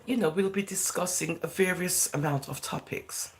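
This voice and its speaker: The recording is very noisy as a woman from England, fairly low-pitched and at normal speed, vlogs to the camera. She rambles in a chatty way, dropping in "you know" and "right?" and lapsing into Jamaican-style phrasing.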